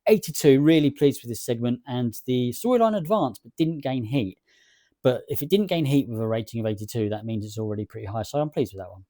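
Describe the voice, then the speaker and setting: A man giving relaxed, musing let's play commentary, with fillers and an easy pace. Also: mid-range voice, quick pace, no echo, clean studio sound. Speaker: gaming commentator.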